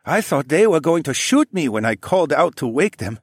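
A man's voice: on the high side, sing-song, brisk, breathy edge, dry recording, studio quality, voice pushed up, full character voice. A man voicing a friendly, helpful young man in an audiobook.

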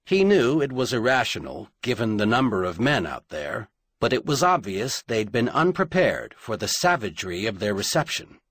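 Male audiobook narrator, husky voice, dry booth sound, dramatic measured read. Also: mid-range voice, big pitch swings, a bit bright, dry recording.

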